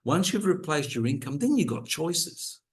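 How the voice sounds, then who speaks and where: A man's voice: a little high, very animated, normal speed. Earnest man coaching over a call. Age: 40s or older. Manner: earnest, promising, rambling restarts. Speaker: co-host, business coach. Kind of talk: motivational call talk.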